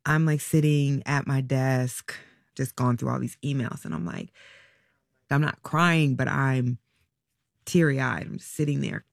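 Gravelly, reflective mother recalling hard choices. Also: rumbling low, no room sound, studio quality. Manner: halting, reflective, soft-spoken. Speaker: interview guest, parent. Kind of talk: emotional personal recollection.

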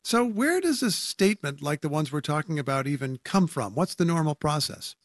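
A man's voice: fairly high pitch, expressive, brisk, no room sound, clean studio sound. A man anchoring a radio news program, speaking conversationally with wry asides as he introduces reporters and guests.

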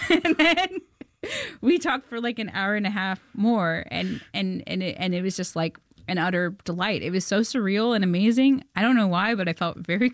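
A young Canadian woman, a filmmaker guest, telling a story excitedly in an interview and acting out the dialogue. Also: mid-range voice, no room sound, studio quality. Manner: excited, laughing, acts out dialogue.

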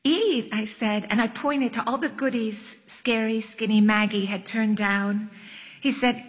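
A woman's voice: mid-range voice, steady tone, measured pace. A woman narrating her memoir in a wry, literary, self-mocking manner. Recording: long echoing reverb.

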